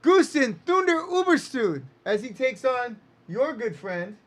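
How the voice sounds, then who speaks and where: A man's voice: very high voice, big pitch swings, measured pace. A man talks up an upcoming wrestling card. He rambles, stumbles over names and corrects himself as he goes, in loose promo-style patter. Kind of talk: casual promo chat.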